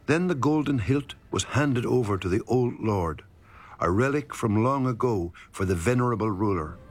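A man narrating epic verse in a steady, measured scripted reading. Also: mid-range voice.

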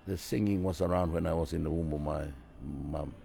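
A man speaking slowly and haltingly about family and tradition in an interview, as a traditional musician. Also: a bass voice, steady tone, creaky, dark tone, slightly rough. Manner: slow, halting, reflective. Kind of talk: reflective interview talk.

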